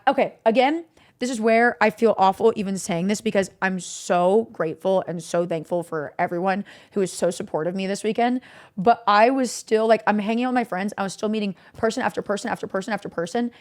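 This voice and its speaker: Rambling young woman streamer, filler-heavy. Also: a little high. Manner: candid and swears casually. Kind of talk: casual storytelling to a stream chat.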